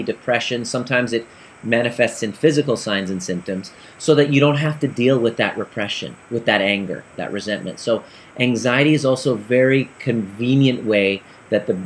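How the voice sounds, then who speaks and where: A man telling a client story in an earnest, animated way, acting out the dialogue as he goes. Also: mid-range voice, slight background noise. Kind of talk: storytelling talk.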